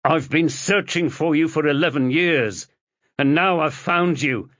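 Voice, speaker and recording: A man's voice: fairly high pitch, measured pace, a bit bright, dry recording, muffled recording, voice pushed up. A man voicing a desperate middle-aged detective father in an audiobook, pleading urgently.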